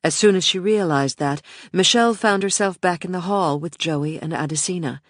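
An audiobook narrator giving measured, scripted narration. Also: mid-range voice, dry recording, clean studio sound. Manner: measured, unhurried reading.

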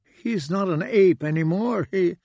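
Brisk young woman read by a man, clipped lines, slightly raised pitch. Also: gravelly, warm tone, dry recording, lo-fi sound, exaggerated voice.

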